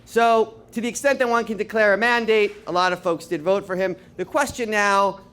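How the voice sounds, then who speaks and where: Man, high voice, chatty guest speaker, laughs at his own stories. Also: fairly even intonation, moderate pace, fairly bright tone, clear, resonant tone. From New York. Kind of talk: storytelling talk to an audience.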